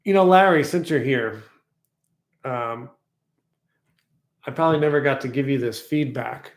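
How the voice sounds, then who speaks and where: A man telling a personal story in a casual vlog, reflective and rambling, slowly repeating affirmations. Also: medium pitch, echoey room. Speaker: vlogger.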